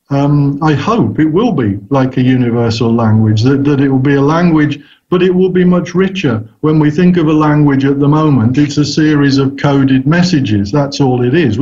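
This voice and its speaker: A man as an interview guest who talks about research thoughtfully, often pausing and restarting his sentences. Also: a little high, a little mellow, a little hiss or hum. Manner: thoughtful, hesitant, frequent restarts. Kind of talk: casual interview answers. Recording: dull lo-fi recording.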